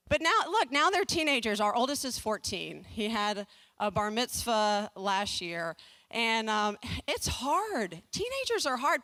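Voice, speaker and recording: At a community fundraiser, a Southern American woman in her forties tells a humorous story about herself, full of comic timing and jokes at her own expense. Her voice is fairly high and fairly bright, and she keeps restarting and repeating words.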